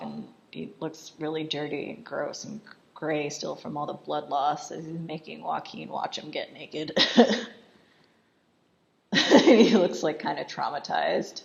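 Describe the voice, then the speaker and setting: A woman talks through a film scene by scene in a loose, chatty way, filling her sentences with "like." Her voice sits low with a gravelly fry, and the recording sounds dull and lo-fi. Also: fairly even intonation, slow pace. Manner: chatty, says "like" constantly, laughs often. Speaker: film commentator. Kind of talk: casual film recap commentary.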